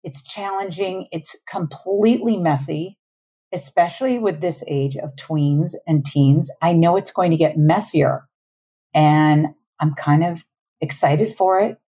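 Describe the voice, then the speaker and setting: Low-voiced woman guest, mellow tone. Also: unhurried, husky. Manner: warm, earnest, laughs often. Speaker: podcast guest, parenting coach. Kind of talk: casual interview talk.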